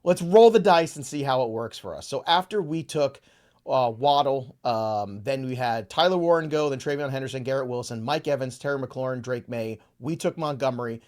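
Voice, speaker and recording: A man's voice: mid-range voice, normal speed, darkish tone. A man hosting a casual podcast chat, rattling off lists of names and thinking aloud as he goes. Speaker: podcast host. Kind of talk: casual fantasy football chat.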